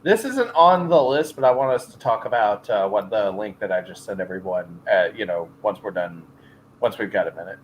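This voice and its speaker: A man's voice: lowish voice, animated, fairly quick, slight background noise, low-quality recording. A man on a casual online chat show, talking loosely with many fillers. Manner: loose, filler-heavy talk.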